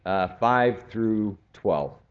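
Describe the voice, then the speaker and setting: A man teaching a Bible study class, speaking slowly and deliberately and building to emphatic points. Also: fairly low pitch, lively intonation. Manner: slow, deliberate, rising to emphatic. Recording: dull lo-fi recording.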